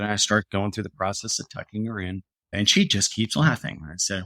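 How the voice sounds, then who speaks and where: A man's voice: lowish voice, a little fast, hardly any pauses, bright, forceful tone, no echo, clean studio sound. A middle-aged man, a podcast guest, earnestly telling a personal story and lifting his voice when quoting others.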